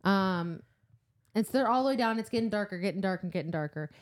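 A woman co-hosting a casual book-club podcast, recapping chapters with lively energy. She talks loosely and freely, swears now and then, and drops into quick voices for the characters. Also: mid-range voice. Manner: animated retelling, swearing, putting on character voices. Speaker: podcast co-host.

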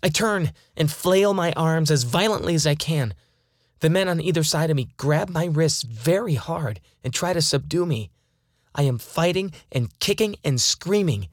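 A woman's voice: low voice, animated, normal speed, dry recording, studio quality. A woman playing a frightened, defiant abductee. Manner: fearful pleading turning to angry defiance. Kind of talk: dramatized first-person account.

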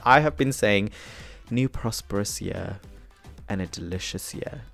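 A man hosting his podcast, chatty and animated, swinging from loud bursts to quiet asides. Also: lowish voice, moderate pace, creaky, soft background music. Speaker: podcast host. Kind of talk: solo podcast intro.

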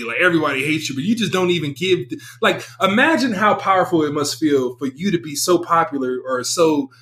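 Young man, podcast guest, slightly high pitch, rambling, filler-heavy casual talk. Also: fairly bright tone. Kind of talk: casual chat.

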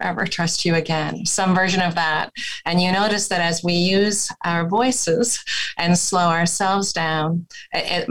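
A woman therapist talks through how she works with couples, slipping into gentle, soothing phrasing as she demonstrates. Her voice sits a little low, and she often restarts her sentences as she thinks. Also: low-quality recording. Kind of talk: explaining therapy techniques in a podcast interview.

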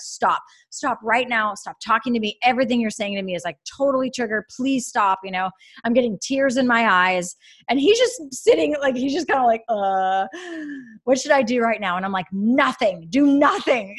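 A woman in her thirties co-hosting a podcast, chatting openly and acting out quoted dialogue as she tells a story. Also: medium pitch. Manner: animated storyteller, acts out quotes. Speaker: podcast co-host. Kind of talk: casual podcast chat.

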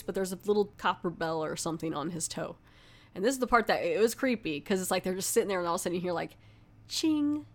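A woman casually retelling a horror film's plot as a movie reviewer, rambling and filling with "like" as she goes. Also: medium pitch. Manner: rambling, filler-heavy storytelling with frequent "like". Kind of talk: casual spoken film recap.

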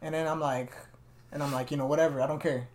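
A fast-talking man with a steady, somewhat mellow voice on the high side hosts a casual podcast. He tells stories in an easygoing, slangy manner and keeps repeating "fool."

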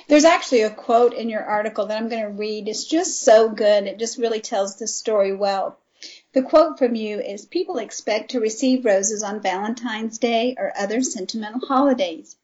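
A woman interview host gives affirming replies and reads a quote aloud. Her voice is slightly high and mellow. The recording sounds dull and lo-fi. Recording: dull lo-fi audio.

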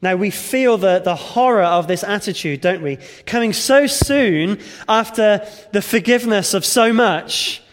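A man preaches an expository sermon, his voice pitched high for a man. He leans on emphatic rhetorical questions and works through the passage line by line. The sound rings with the long reverb of a large hall. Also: expressive, unhurried, hardly any pauses.

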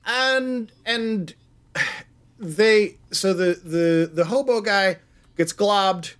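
A man's voice: high voice, very slow, a bit bright, clean tone. Rambling, profane man retelling a movie. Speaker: podcast co-host. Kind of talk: casual movie chat.

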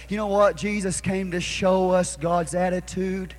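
A male pastor preaching a sermon, calling on the congregation to answer back and building to shouts. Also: high voice, fairly even intonation, normal speed, hardly any pauses. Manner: preaching with call-and-response, rising to shouts. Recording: live church sermon recording.

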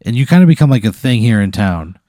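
A man talks through an improvised hypothetical, laying out each step of a silly story with a deadpan touch. His voice is warm and mellow. The sound is dry and close. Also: lowish voice, fast talker, no echo. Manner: spins a playful hypothetical, deadpan asides.

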